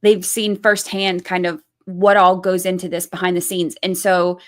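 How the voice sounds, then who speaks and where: A woman's voice: on the low side, little pitch movement, moderate pace. Blunt woman ranting on a livestream. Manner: blunt, swears freely, ranting; reads chat names aloud and answers them. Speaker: true crime livestream host. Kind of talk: casual livestream commentary.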